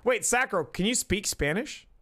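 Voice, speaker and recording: A man chatting on a live stream with a high, bright voice. He rambles, swears freely and keeps breaking off mid-sentence to start over. The sound is close and direct, as from a desk mic. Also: lively intonation, moderate pace. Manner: rambling, profane, self-interrupting. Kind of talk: casual chat on a live stream.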